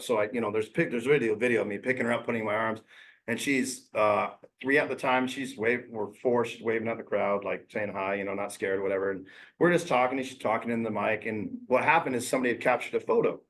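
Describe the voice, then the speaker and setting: A man's voice: medium pitch, fairly bright tone. Guy coaching agents, blunt and slangy, regular mid voice, casual talk. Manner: blunt and slangy, mimics clients in quick asides. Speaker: real estate coach.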